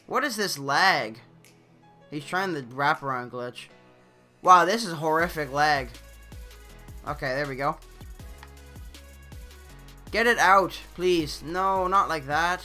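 A young man hosting a gaming channel, giving casual live commentary on his own hockey game and swinging between loud outbursts and low mutters.

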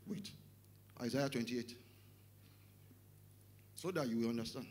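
A middle-aged Nigerian pastor with a Yoruba-tinged English accent, preaching an animated sermon, often shouting, joking and slipping into Yoruba. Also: male voice, mid-range voice, normal speed, pauses often.

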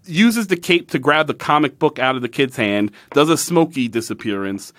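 A man's voice: medium pitch, lively intonation, moderate pace, fairly bright tone, no room sound. Man animatedly recapping a TV episode. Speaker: podcast host. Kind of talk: casual chat.

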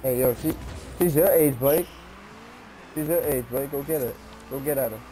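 A man's voice: medium pitch, fairly even intonation, moderate pace, dark tone, a little hiss or hum. A man chatting casually while playing an online game on a headset mic, exasperated, swearing and teasing a friend in mock anger. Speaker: gamer. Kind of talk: casual gameplay chat.

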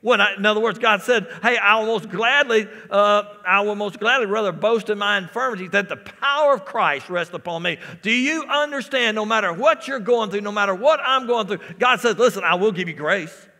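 Man, pastor preaching, high pitch, reverberant church hall. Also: a little fast, hardly any pauses, sharp tone. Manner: preaching with repetitions and call-outs to the congregation. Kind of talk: sermon. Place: church sanctuary.

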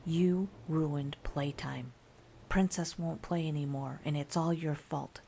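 Sulky ghost child of about five in a whispered role-play, put on by a woman, deep-voiced and gravelly, slow hushed delivery. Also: steady tone, a little hiss or hum, full character voice. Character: ghostly sulky little boy, five or six.

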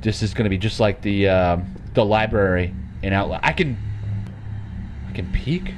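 Speaking with a fairly low pitch and moderate pace, a man hosts a horror game let's play, with a little hiss or hum audible. He rambles and jokes nervously, jumpy as he plays.

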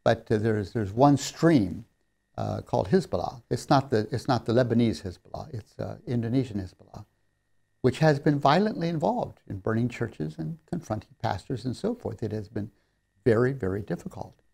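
A man's voice: mid-range voice, animated, moderate pace, vocal fry, slightly rough. A man giving a recorded seminary lecture, telling stories in an earnest, emphatic way. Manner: earnest storyteller, warmly emphatic on key lines.

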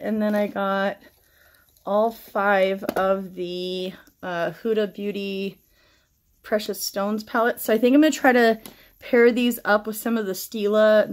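A middle-aged woman chatting casually through a makeup tutorial, rambling and swearing freely while shaken and stressed. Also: medium pitch. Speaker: makeup vlogger.

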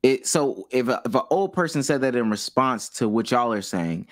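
A young man co-hosting a podcast, talking casually and haltingly, restarting phrases as he thinks aloud. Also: medium pitch, lively intonation, dry recording, studio quality. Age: young adult. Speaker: podcast co-host. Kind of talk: casual debate chat.

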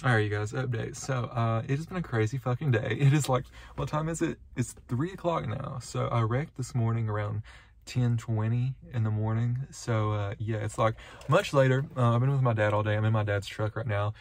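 A man's voice: mid-range voice, fairly even intonation, brisk, vocal fry. A young man vlogging casually from his car and the snowy roadside, rambling and swearing constantly. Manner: rambling, heavy swearing, lots of "like" and "y'all". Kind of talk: casual vlog to camera. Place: car and roadside in snow, then parked truck.

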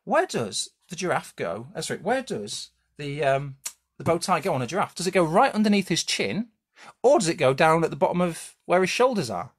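A man's voice: a little high, big pitch swings, fairly quick, breathy edge. A man leading a live drawing lesson for children, chatty and playful, asking questions and making silly sound effects.

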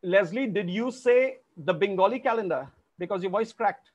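High-voiced quizmaster. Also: male voice, animated, moderate pace, muffled recording. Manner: formal and polite, addresses players as sir. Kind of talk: hosting an online family quiz.

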